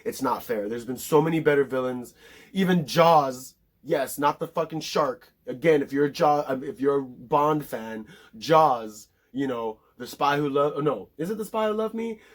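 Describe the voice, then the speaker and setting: A man's voice: fairly high pitch, normal speed. A man casually recapping a movie in a rambling, profane way, full of filler words. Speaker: film reviewer.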